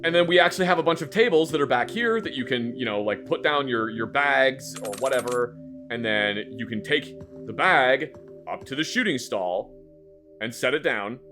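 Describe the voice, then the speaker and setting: A man streaming a game, telling a story in a casual, animated way, acting out the scene, swearing and repeating words. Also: mid-range voice, normal speed, music in the background.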